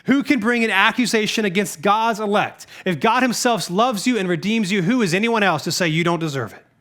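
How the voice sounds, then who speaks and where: A male pastor preaching a sermon, reading scripture emphatically and letting his voice drop softly at the ends of phrases. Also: high voice, brisk.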